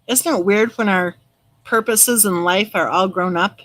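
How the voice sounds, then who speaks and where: A middle-aged woman who hosts a true crime channel chats casually on a live stream, reading viewer comments aloud and warmly replying to each person by name. Her mid-range voice is unhurried, and the recording quality is low.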